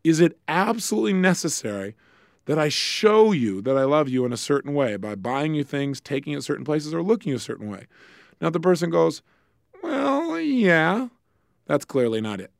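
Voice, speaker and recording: A man's voice: on the high side, fairly quick, creaky, no room sound, studio quality. A man giving a motivational lecture on relationships, acting out short dialogues in a raised voice. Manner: lively, acts out little dialogues with raised voice. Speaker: relationship speaker.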